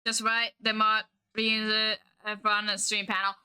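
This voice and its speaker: Playful bright-voiced woman streamer. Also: mid-range voice, level tone, a little slow, clear, resonant tone. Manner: playful, teasing, laughs often. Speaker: live streamer. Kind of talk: casual live-stream chat.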